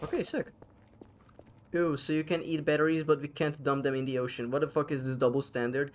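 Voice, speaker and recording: A man with a fairly high pitch and flat delivery talks fairly quickly while streaming a game live. He chats casually and sarcastically with his viewers, swearing freely, and there's a little hiss or hum on the audio.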